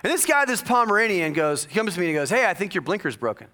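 Lively, bright-voiced male pastor. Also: high-pitched, racing. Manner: animated storytelling with jokes and sudden loud bursts. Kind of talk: sermon.

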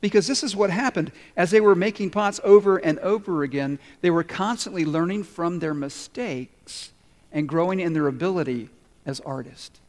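A pastor with a high, slightly mellow voice preaches at a moderate pace, telling stories and acting out the people in them. The recording carries the long reverb of a large hall.

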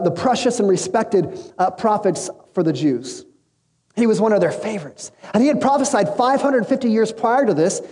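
A male pastor preaching a sermon in a casual, storytelling way, acting out the characters he quotes. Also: high voice. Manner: storytelling, casual slang, lively acted quotes. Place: large room with an audience. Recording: long reverb in a hall.

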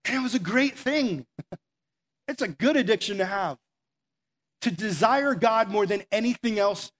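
A man preaching a sermon in an earnest, conversational way, acting out quoted prayers as he goes. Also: high voice. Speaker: pastor.

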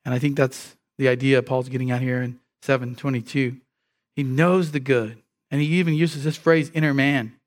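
A man's voice: mid-range voice, steady tone, moderate pace. A man preaching an expository sermon, emphatic and often repeating words as he teaches.

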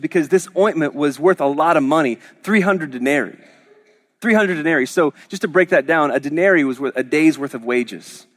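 With a fairly high voice, an Oklahoma man preaches as a pastor, telling jokey stories conversationally and frequently starting his sentences over.

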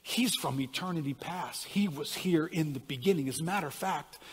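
A man preaching a sermon in a lively, conversational way that builds to emphatic peaks. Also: on the high side, normal speed, slightly rough. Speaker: pastor. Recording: long hall reverb.

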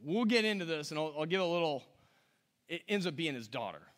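A man's voice: a little high, expressive, a little fast, fairly bright tone. A man preaching a chatty, conversational sermon, reading scripture aloud and adding casual asides with a few chuckles. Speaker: pastor.

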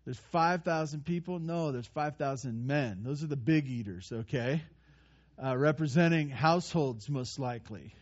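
A man preaching a sermon in a conversational, animated way, with playful asides and frequent restarts. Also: medium pitch, moderate pace, muffled recording. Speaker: pastor.

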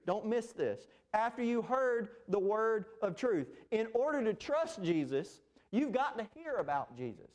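A man's voice: sits high, darkish tone. A man preaching an expository sermon, earnest and emphatic, with fillers and restarts. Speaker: pastor.

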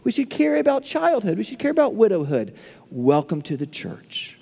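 A male pastor preaching a sermon, building to impassioned peaks and then falling to hushed, soft prayer. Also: high voice, wildly swooping pitch, normal speed, gravelly, in a large hall. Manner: impassioned, rising to near shouts then dropping to hushed tones.

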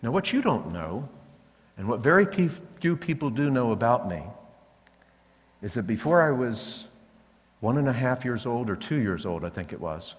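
Male preacher, lively storyteller, long reverb of a large hall. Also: medium pitch, moderate pace, breathy edge. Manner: animated storytelling, acting out voices. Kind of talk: sermon.

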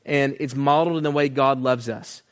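A man's voice: mid-range voice, steady tone, moderate pace. A man in his thirties preaching a sermon on family. He speaks earnestly, tells stories, and often restarts his sentences. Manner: earnest, storytelling, with many restarts. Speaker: pastor.

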